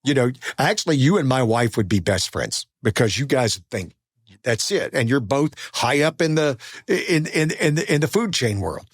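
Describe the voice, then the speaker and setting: Animated male podcast host, dry sound. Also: medium pitch, normal speed, dry recording. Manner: animated, self-deprecating, acts out quoted voices. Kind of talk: casual conversational storytelling.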